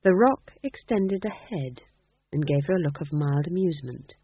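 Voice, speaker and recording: An audiobook narrator reading a comic fantasy tale in a lively, expressive way. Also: medium pitch, moderate pace, breathy edge, dry recording, narrow, tinny audio.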